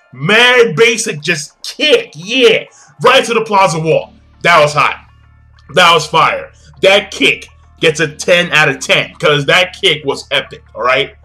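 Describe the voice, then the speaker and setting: Excitable high-voiced man reviewing anime. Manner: excited, slangy, swears, repeats phrases. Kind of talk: casual video review.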